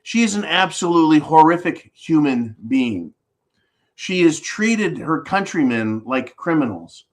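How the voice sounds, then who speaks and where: Guy hosting a prepper live stream, kinda high voice, ranting and swearing a lot. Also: measured pace. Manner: animated, ranting and profane. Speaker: host of a preparedness channel.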